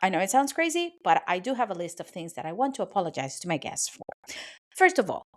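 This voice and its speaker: A woman's voice: lowish voice, very animated, fast talker. A woman hosting her podcast alone from a small soundproofed home office, chatty and apologetic, sometimes tripping over her words. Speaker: podcast host. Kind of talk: solo podcast monologue. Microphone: studio microphone.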